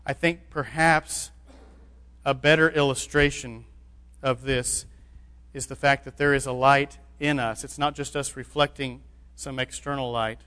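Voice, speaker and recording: A man's voice: mid-range voice, fairly even intonation, measured pace, sharp tone, smooth. A man preaching a sermon as pastor, building to emphatic declarations. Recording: long hall reverb.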